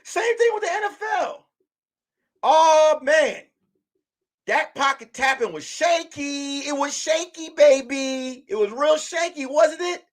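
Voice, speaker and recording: A man's voice: extremely high pitch, expressive, slow. A man hosting a casual livestream commentary, joking and acting out quotes in mock voices. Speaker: livestream host.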